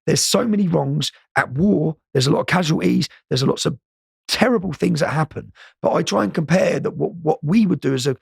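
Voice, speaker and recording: A man's voice: on the high side, lively intonation, fairly quick, vocal fry, husky, no echo, clean studio sound. A man, an interview guest, telling stories casually with many repeated words and "yeah?" tags.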